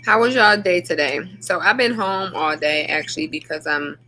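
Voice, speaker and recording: Bright-voiced woman chatting on a livestream. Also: lowish voice, animated, a little hiss or hum. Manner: chatty, greets viewers by name, drawn-out hellos. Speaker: livestream host. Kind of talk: casual livestream chat.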